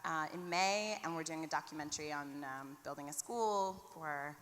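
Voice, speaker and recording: A woman chatting casually on a convention panel, lively and quick to laugh. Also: deep voice. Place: large convention hall. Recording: reverberant hall with faint noise.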